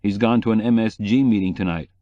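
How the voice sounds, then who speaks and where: A man voicing a middle-aged male journalist in an audiobook, speaking low and confidingly. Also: fast talker, dark tone, no room sound, lo-fi sound, close to an everyday voice.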